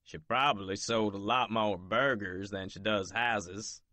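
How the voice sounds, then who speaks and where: A man voicing a smug male realtor who mocks and pushes a sales pitch, in an audiobook. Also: a little slow, a bit bright, no room sound. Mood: mocking. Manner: sneering, salesy.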